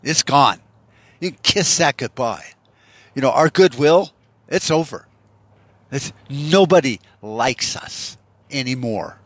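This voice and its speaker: A man's voice: mid-range voice, animated, slow pace, long pauses, no room sound. Profane ranting man, dry close sound. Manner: profane, heated, rambling with restarts. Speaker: podcast host. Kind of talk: casual rant monologue.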